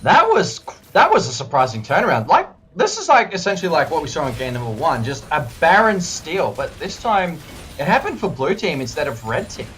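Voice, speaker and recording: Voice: medium pitch, brisk, slight background noise. An Australian esports co-caster giving chatty color commentary, full of fillers, with the hiccups. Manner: chatty, many "like" fillers, animated.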